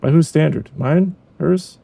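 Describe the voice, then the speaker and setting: A man voicing a calm, encouraging male supervisor in a game, speaking in a measured way. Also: on the high side, creaky, voice pushed up. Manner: measured, reassuring. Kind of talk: reading a game's dialogue aloud.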